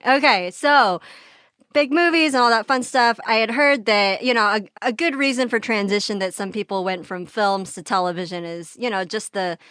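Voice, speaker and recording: A woman's voice: medium pitch, moderate pace, fairly bright tone, smooth, dry recording, clean studio sound. A young woman hosting an interview in a chatty way, laughing often and filling her talk with casual fillers. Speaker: podcast host.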